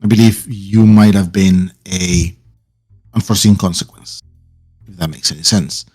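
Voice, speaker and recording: A man voicing a calm, calculating male spymaster. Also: low voice, breathy edge, faint music behind. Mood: grave. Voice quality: calm, deliberate delivery. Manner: explains plans slowly and carefully.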